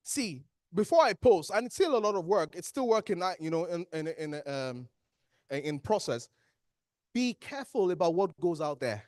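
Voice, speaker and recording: With no room sound and clean studio audio, a trainer with a Nigerian accent speaks at medium pitch and normal speed. The trainer leads an interactive workshop in a training hall, animatedly quizzing the audience and answering the questions.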